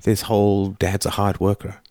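A man's voice: on the low side, completely flat delivery, normal speed, mellow, no echo, studio quality. A man hosting a call-in show, playing a son who confronts his father in a heated, emphatic and sarcastic way, swearing as he goes. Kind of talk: call-in show role-play.

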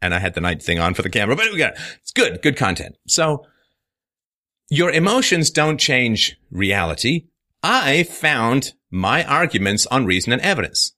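A man's voice: mid-range voice, big pitch swings, a little fast, sharp tone. A male host giving a sarcastic solo commentary, mocking his critics and often laughing mid-sentence. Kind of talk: monologue commentary responding to a viewer comment.

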